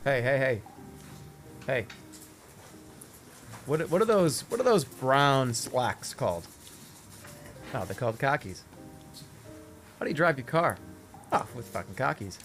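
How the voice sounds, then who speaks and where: A man's voice: mid-range voice, big pitch swings, a little slow, pauses often, fairly bright tone, soft background music. A man voicing a crude, constantly cursing Boston guy who smokes outside a drugstore, with a Boston accent. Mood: mocking. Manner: gruff, cursing constantly, calls people kid.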